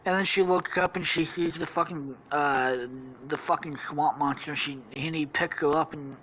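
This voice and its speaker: A woman's voice: deep voice, fairly even intonation, moderate pace, a bit bright, a little hiss or hum, rough recording. A woman hosting a podcast, telling a crude comic story loosely with lots of swearing and laughter. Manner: profane, laughing, loose retelling. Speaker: podcast host.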